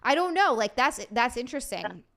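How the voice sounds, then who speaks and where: Young woman host, kinda high voice, giggly, chatty with lots of "like". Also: sing-song, a little fast, creaky, sharp tone. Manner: chatty, giggly, many fillers. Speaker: podcast host. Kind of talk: casual chat on a live stream.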